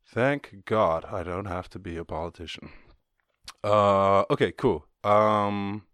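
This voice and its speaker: A man's voice: lowish voice, fairly even intonation, slow pace, a bit bright, no room sound. An Irish man hosting a podcast, rambling through casual solo commentary, jokey and full of swearing. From Ireland. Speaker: podcast host.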